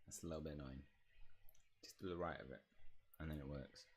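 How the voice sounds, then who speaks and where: A man gives let's-play commentary on a game, and his voice sits very low. He rambles and jokes as he plays. The talk stays loose and chatty. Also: steady tone, brisk, slightly rough. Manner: jokey, rambling asides while playing. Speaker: gaming YouTuber.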